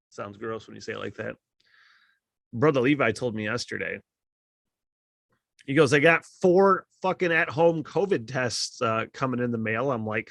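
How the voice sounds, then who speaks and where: A middle-aged man from Michigan hosting a casual solo podcast, rambling and swearing, getting worked up and loud at times. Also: medium pitch, measured pace, gravelly, long pauses, no echo, studio quality. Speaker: podcast host.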